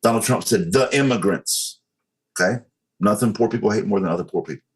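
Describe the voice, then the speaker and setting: A man's voice: fairly low pitch, quick pace, low-quality recording. A man talking earnestly as a podcast guest, building his point with analogies and many fillers. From United States. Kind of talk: casual podcast conversation.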